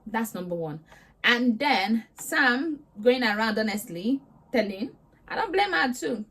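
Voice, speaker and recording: A woman's voice: a little high, big pitch swings, unhurried, fairly bright tone, husky. A young woman, recapping reality TV in a sassy, exasperated, chatty vlog. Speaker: vlogger host.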